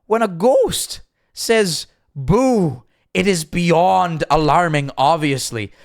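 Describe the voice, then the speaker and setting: This is a self-important lecturing pundit, put on by a male streamer mid-stream. The voice climbs noticeably higher than his usual and crawls along at half speed, each word weighed out with mock gravity. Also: expressive. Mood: solemn. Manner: slow, solemn, drawn-out delivery.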